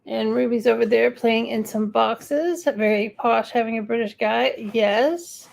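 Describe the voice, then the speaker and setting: A woman's voice: on the high side, measured pace, vocal fry, a little mellow. A woman hosting a casual live-stream chat, rambling and answering viewer comments. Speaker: livestream host.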